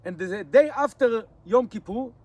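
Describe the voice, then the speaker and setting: A man in his forties with an Israeli accent, a native Hebrew speaker, talking casually to his camera outdoors in the mountains in halting English, his mouth dry from fasting. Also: very high voice, animated, a little mellow, a little hiss or hum. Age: 40s. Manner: rambling, restarts often, halting English. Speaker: nomad vlogger. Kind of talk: casual vlog monologue.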